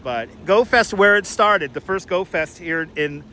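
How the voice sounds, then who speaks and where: Guy live streaming a city walk, kinda high voice, clip mic, little traffic hum behind. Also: animated, a little slow, sharp tone. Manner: chatty, joking, greets viewers by name. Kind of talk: casual walking live-stream chat. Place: outdoors on city streets. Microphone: wireless clip-on mic. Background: faint city traffic.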